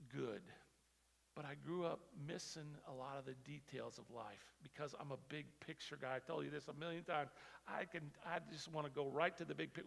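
High gravelly preacher in a reverberant hall. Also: male voice. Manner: swings from quiet and low to loud and emphatic, acts out voices. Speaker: pastor. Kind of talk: sermon.

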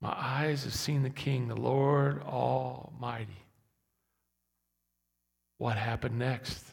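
A man in his sixties preaching a sermon, swinging from low, quiet asides to loud, impassioned peaks. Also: flat delivery, slow, creaky. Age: 60s. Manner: impassioned, building to loud emphatic peaks then dropping low. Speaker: pastor. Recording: echoey hall.

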